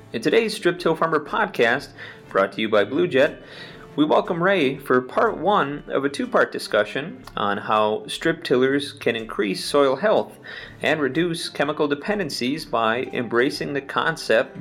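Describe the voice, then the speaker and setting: A man hosting a podcast, reading a measured scripted introduction. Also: a little high, creaky, fairly bright tone. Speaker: podcast host.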